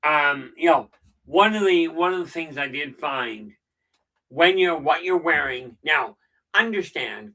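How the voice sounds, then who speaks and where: A man's voice: fairly high pitch, animated, a little slow, sharp tone, recorded from a distance, rough recording. A middle-aged man hosting a casual live stream, telling stories with dry jokes. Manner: chatty storyteller with dry jokes. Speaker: channel host.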